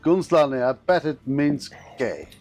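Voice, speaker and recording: A man's voice: a little high, big pitch swings, measured pace, a little mellow, faint music behind. A laid-back man co-hosting a casual podcast, laughing between short remarks. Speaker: podcast co-host. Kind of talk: casual chat.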